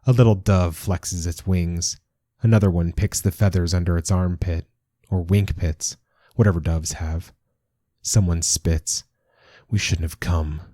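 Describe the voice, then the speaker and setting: A man reading a short story aloud as narrator, in a calm, measured telling. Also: deep voice, dry recording, clean studio sound. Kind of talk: scripted narration.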